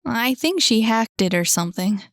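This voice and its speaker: A woman's voice: fairly high pitch, expressive, normal speed, a bit bright, no echo, clean studio sound. A woman voicing a whiny younger brother who complains about losing a game. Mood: grumbling.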